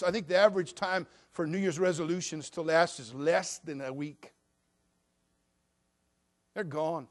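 Middle-aged preacher guy, bit of a high voice, gets loud then goes quiet and slow for emphasis. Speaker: pastor. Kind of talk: sermon.

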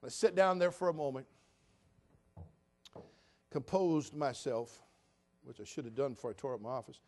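A man, a pastor, telling a humorous personal story in a sermon and preaching directly to his congregation in a folksy, animated way. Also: mid-range voice, normal speed.

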